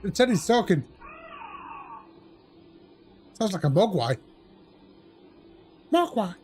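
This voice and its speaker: A man reacts to videos on a live stream with chatty, joking commentary. His voice is slightly high and swings a lot in pitch. He talks casually and off the cuff. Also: expressive, quick pace, darkish tone, a little hiss or hum.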